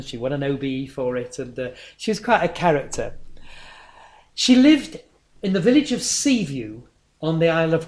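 A man's voice: a little high, darkish tone. A man preaching a sermon in a conversational storytelling manner.

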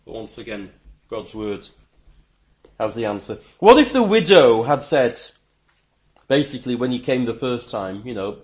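A man preaching a sermon, emphatic, with stammering restarts and sudden rises in pitch and volume. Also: sing-song, moderate pace, pauses often.

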